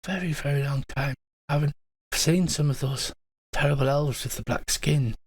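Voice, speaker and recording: A man voicing a shy, lonely female tree spirit who speaks softly and pleads. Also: a little high, normal speed, slightly rough, no room sound. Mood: lonely pleading. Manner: soft, timid and pleading.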